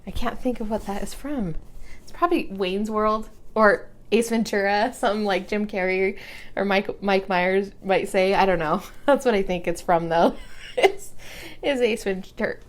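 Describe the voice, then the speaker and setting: A woman's voice: medium pitch, normal speed. Chatty young woman crafting and humming. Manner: chatty and giggly, hums while working. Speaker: crafting vlogger. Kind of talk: casual craft tutorial chat.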